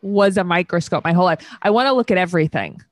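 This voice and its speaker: A woman's voice: fairly low pitch, fast, dry recording, clean studio sound. A woman co-hosting a casual podcast, giggly and playful in the banter. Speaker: podcast co-host.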